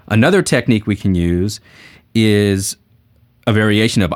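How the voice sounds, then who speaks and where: A man teaching sales techniques in a folksy, conversational manner and telling jokes to make his points. His voice sits on the low side. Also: normal speed. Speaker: sales trainer. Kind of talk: sales training lesson with anecdotes.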